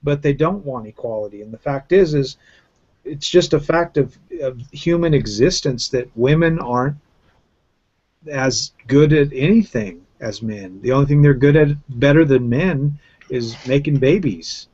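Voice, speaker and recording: A man's voice: medium pitch, unhurried, darkish tone, slightly rough. A man giving blunt, scornful opinions in casual chat on a group video call, with frequent fillers. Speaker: round table panelist. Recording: dull lo-fi call audio.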